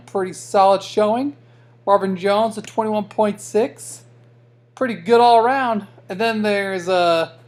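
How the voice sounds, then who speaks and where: A fantasy league commissioner runs through the week's matchups in a loose, joking way. The delivery is full of uh's and um's and friendly trash talk. The voice sits at a middle pitch. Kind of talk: casual weekly league recap.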